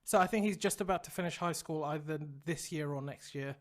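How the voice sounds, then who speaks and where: A man's voice: fairly high pitch, brisk. A young man co-hosting a podcast in casual chat, teasing his co-host and laughing often.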